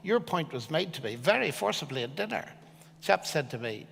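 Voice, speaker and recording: An older man from Ireland, a guest speaker answering questions on stage in an earnest, measured, emphatic way. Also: medium pitch, big pitch swings, creaky, fairly bright tone, long reverb tail, slight background noise. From Northern Ireland. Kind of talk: public discussion on stage.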